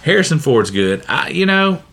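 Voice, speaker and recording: A man's voice: on the high side, very animated, normal speed, a bit bright. A middle-aged man co-hosting a casual podcast, chatty and joking with firm opinions. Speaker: podcast co-host.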